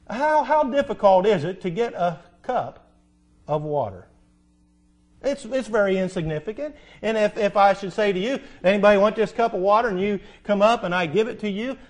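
A man preaching a sermon as pastor, asking rhetorical questions, repeating key phrases and reading scripture slowly. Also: high voice. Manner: quotes scripture slowly and deliberately. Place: church sanctuary.

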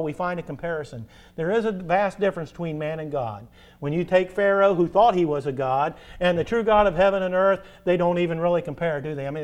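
A man delivers a sermon as pastor in a notably high voice. He hammers his points with rhetorical questions like "don't we?" and alternates loud, stressed words with drawn-out, quiet phrase endings. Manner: emphatic preaching with rhetorical questions.

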